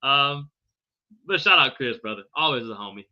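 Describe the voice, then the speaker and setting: A man's voice: mid-range voice, expressive, moderate pace, muffled recording. A man hosting a live podcast, answering viewer chat in a loose, profane way and calling everyone bro and brother. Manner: fumbles unfamiliar names. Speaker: podcast host.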